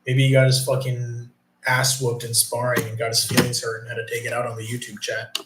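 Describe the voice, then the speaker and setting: Male streamer, mid-pitch, loose profane chat, roomy echo. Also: completely flat delivery, brisk, noisy background. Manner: profane, rambling, reads chat aloud. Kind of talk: casual live stream chat.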